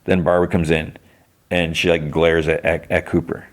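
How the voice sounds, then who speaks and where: Deep-voiced man rambling through a recap. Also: level tone, moderate pace. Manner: rambling, with many "like"s and restarts. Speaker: podcast host. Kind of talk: casual plot recap.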